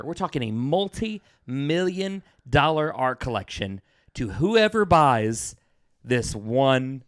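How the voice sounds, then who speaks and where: Casual male podcaster ranting about a movie. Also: mid-range voice. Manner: animated, exasperated ranting. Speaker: podcast co-host. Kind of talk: casual movie review chat.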